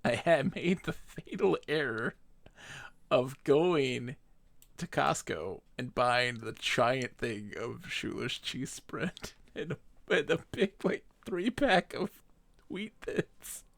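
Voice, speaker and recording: A man's voice: mid-range voice, animated, takes it slowly, creaky, fairly bright tone. A man streaming a game live, chatting casually and reading the game text aloud. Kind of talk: casual gameplay commentary.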